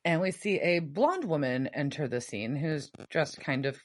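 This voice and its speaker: A woman's voice: deep voice, lively intonation, normal speed. A woman co-hosting a podcast, recapping a TV episode in casual chat, laughing often and trailing off into asides. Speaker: podcast co-host.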